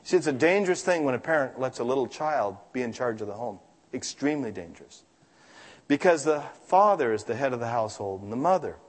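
Male preacher, animated and emphatic, mid-pitched voice ringing through a long hall reverb. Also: a little fast. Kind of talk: sermon.

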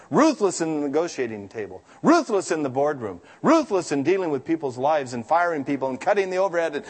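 Preacher with a booming hall echo. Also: male voice. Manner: emphatic, animated preaching with dramatic asides. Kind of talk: sermon. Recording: long hall reverb.

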